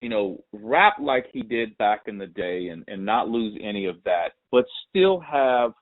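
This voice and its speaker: A man's voice: fairly low pitch, expressive, a little slow. A man hosting a podcast, chatting with enthusiasm and asking follow-up questions. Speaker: podcast host. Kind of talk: casual interview chat. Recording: tinny phone-like audio.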